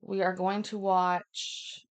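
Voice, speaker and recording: A woman's voice: medium pitch, level tone, slow pace. Chatty woman hosting a casual livestream. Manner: chatty, rambling, frequent fillers. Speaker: livestream host.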